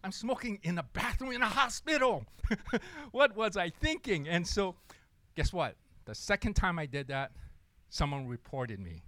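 A young man preaching a sermon, telling a story in an animated way and acting out the people in it. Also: high voice, unhurried, no room sound. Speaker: pastor.

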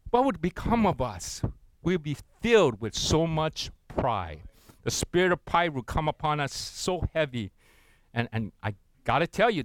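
A man preaching a sermon, leading the congregation in reading scripture aloud and swinging between loud urgency and soft hushed asides. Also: a little high, no echo. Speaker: pastor.

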